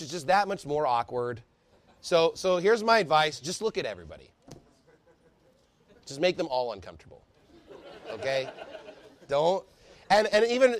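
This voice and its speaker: A man preaching a sermon with fervor, reading scripture quickly and building up to shouting. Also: fairly high pitch, no echo. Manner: fervent preaching, rising to shouts; reads scripture aloud quickly. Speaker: pastor.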